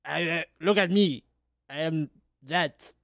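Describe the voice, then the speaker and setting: A woman's voice: low-pitched, takes it slowly, gravelly, no echo, clean studio sound, heavily acted. A woman voicing a sheepish male chef and former womanizer who pleads and runs himself down in a tabletop game. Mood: pleading. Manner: pleading, self-deprecating.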